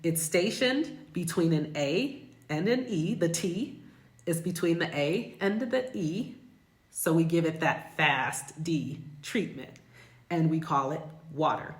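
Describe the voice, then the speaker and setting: Slow, low-voiced American woman teacher. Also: animated, roomy sound. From United States. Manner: slow, careful, repeats example words. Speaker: English pronunciation teacher. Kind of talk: pronunciation lesson.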